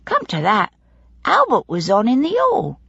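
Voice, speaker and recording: Brief: woman reading as a confiding young maid, raised pitch, broad dialect, husky dull recording. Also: wildly swooping pitch, unhurried, a bit bright, no echo, full character voice. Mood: earnest. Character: young gossipy female housemaid, eager and superstitious.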